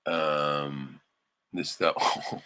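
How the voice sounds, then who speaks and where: A man hosting a casual livestream, rambling and swearing often, suddenly turning loud and excited. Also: very deep voice, drawn-out words, clean tone. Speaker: livestream host.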